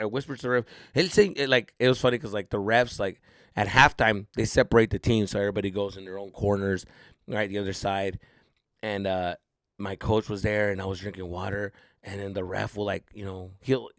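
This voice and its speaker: A man's voice: dry recording, clean studio sound. A man hosting a comedy podcast, telling a story casually and profanely, with Spanish slang mixed in. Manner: animated, acts out quoted people in high voices.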